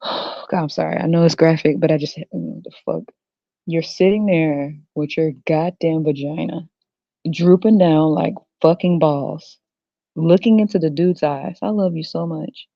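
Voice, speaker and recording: Speaking unhurriedly in a low, creaky voice with fairly even intonation, a woman hosts a solo podcast and rants crudely, swearing freely. She addresses her viewers directly and laughs a lot. The audio is dull and lo-fi, close and dry without any echo.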